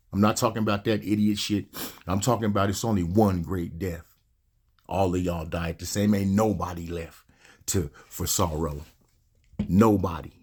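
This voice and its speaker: Deep-voiced man preaching a raw monologue. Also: unhurried, pauses often, a little mellow, husky. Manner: preachy, rhetorical questions, slangy. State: emotional, near tears. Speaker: host. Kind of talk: monologue to camera.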